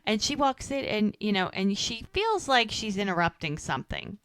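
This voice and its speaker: A woman's voice: medium pitch, moderate pace, smooth, no echo. A woman co-hosting a podcast, casually recapping a TV episode and acting out the characters' lines as she goes. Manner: animated retelling, acting out quotes. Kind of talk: casual chat.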